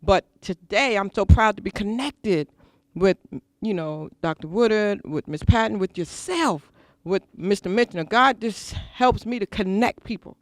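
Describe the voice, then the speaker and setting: A woman's voice: mid-range voice, expressive, unhurried, no room sound, studio quality. A woman on a talk show panel giving an earnest, faith-filled testimony with emphatic phrasing. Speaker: panel guest. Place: school venue.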